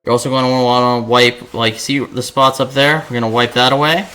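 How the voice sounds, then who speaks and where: A chatty man streams from his home kitchen, joking and swearing freely as he cooks. His voice is bright and forward, at an ordinary middle pitch. Soft music plays faintly behind him. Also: steady tone, a little fast. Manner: chatty, profane and playful, talking to chat. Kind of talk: casual cooking livestream chat.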